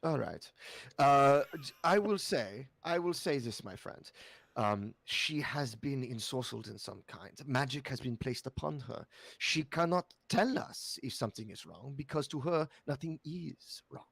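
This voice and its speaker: An awkward, bookish scholar of magic, played by a man, fussing through formal, stilted sentences. His voice has a gravelly edge and sounds close and dry in this tabletop role-play. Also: mid-range voice, animated, measured pace, fairly bright tone, no room sound, full character voice. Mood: fussy. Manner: formal, fussy, stilted phrasing.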